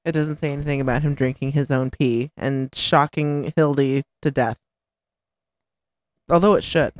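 A woman's voice: low voice, fairly even intonation, moderate pace. A woman podcast guest in casual chat, reading chatbot answers aloud and laughing often.

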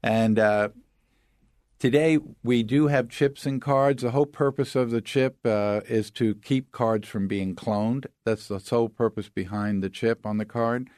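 A man's voice: medium pitch, fairly even intonation, measured pace, darkish tone, no room sound, clean studio sound. A man speaking as an expert guest, explaining things with step-by-step examples in an authoritative way. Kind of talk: explanatory interview talk.

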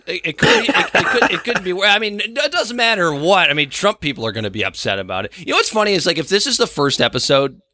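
A man co-hosting a podcast in casual chat, joking and animated, with lots of fillers. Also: high-pitched, fast talker, few pauses, no echo, studio quality. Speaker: podcast co-host.

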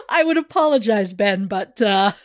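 A woman's voice: high voice, no room sound, clean studio sound. A young adult woman co-hosting a podcast, teasing in a playful way, swearing casually, and laughing a lot. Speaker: podcast co-host. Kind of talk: casual chat.

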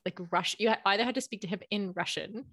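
A woman's voice: mid-range voice, fast, fairly bright tone, no room sound, studio quality. A woman co-hosting a podcast, telling a story in casual chat and laughing often. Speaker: podcast co-host.

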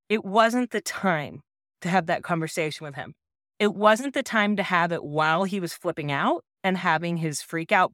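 A woman in her thirties hosting a parenting podcast, telling a personal story in a gentle, earnest, reassuring way. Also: fairly low pitch, clean tone, no room sound, clean studio sound. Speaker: podcast host.

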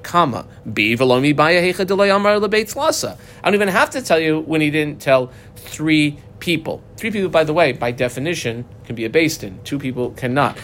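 A man's voice: on the high side, fairly bright tone, slight background noise. A man teaching a daily Talmud class, reading Aramaic phrases and explaining them in English. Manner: explains Aramaic text line by line in English, fast with fillers.

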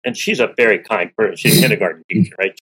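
Throat-clearing man, low earnest voice. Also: rapid-fire, a bit bright, rough recording. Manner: clears his throat often; earnest, candid, with restarts and repeats. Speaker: interview guest, author. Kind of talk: personal storytelling in conversation.

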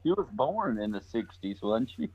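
A man's voice: medium pitch, big pitch swings, normal speed, a little mellow, breathy edge. A man from the American South co-hosting a podcast, chatting casually with dry humor. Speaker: podcast co-host. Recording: dull lo-fi sound.

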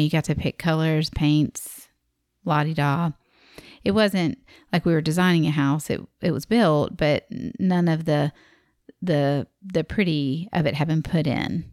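A middle-aged Southern woman from the American South, with a Southern accent, tells a personal story in a chatty, animated manner, acting out the voices she quotes. Her voice is low-pitched, recorded in clean studio sound with no room sound.

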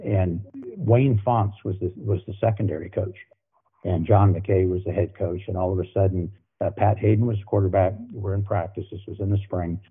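An older man, a former football coach, tells folksy anecdotes as a podcast guest, often repeating himself. His low, slightly rough voice holds a steady tone at a moderate pace, with soft background music and a narrow, phone-like sound.

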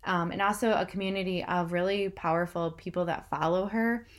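A woman's voice: lowish voice, steady tone, a little fast. Enthusiastic woman vlogger. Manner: enthusiastic, emotional, talks straight to viewers. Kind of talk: casual vlog recap.

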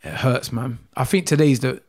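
A man with a London accent, a guest telling a personal story with feeling, acting out the dialogue in a lively way. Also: mid-range voice, normal speed. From England. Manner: animated, acts out dialogue with rising voice.

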